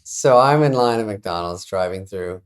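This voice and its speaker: A man co-hosting a casual comedy chat, telling a story with deadpan, sarcastic jabs. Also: lowish voice, normal speed. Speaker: co-host.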